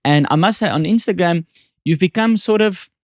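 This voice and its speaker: A man's voice: high voice, normal speed, no room sound, studio quality. A man with an Afrikaans South African accent hosts a podcast in casual, joking, self-deprecating chat. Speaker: podcast host.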